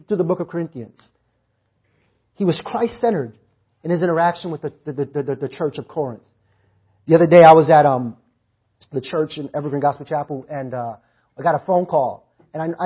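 A man delivers a sermon in a husky, fairly high voice. He works through scripture and keeps pulling the congregation in with questions they answer back. The sound is muffled and lo-fi. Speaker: preacher.

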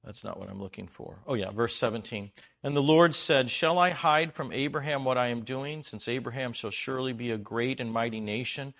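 A middle-aged man preaching a sermon, telling a family story and acting out its voices with lively energy. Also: mid-range voice, a little fast, vocal fry. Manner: animated, acts out the story in funny voices.

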